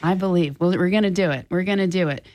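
A female public radio host making an on-air pledge appeal. Her voice is a little lower than usual, and she sounds upbeat and persuasive. She often repeats short phrases for emphasis. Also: fast, a little mellow.

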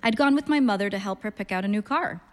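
A woman in her thirties reading a literary story aloud in a dry, deadpan first-person voice. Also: mid-range voice, fast, in a large hall. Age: 30s. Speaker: narrator, reader.

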